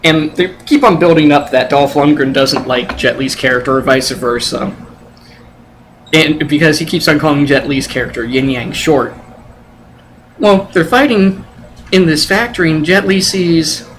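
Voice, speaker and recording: A man's voice: fairly high pitch, moderate pace, a bit bright, a little hiss or hum. A young adult man giving a casual movie review, sarcastic and rambling, with blunt swearing.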